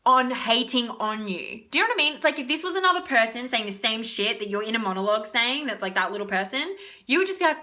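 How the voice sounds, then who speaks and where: A woman's voice: on the high side, lively intonation, fast, sharp tone. A young woman chatting casually about self-love, rambling with lots of fillers and free swearing. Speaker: spiritual wellness vlogger. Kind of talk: casual self-help talk.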